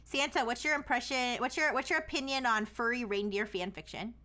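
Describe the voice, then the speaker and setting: Bright, high-voiced woman streamer. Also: a little fast. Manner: blunt, playful, swears freely. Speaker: streamer host. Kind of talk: casual live-stream chat.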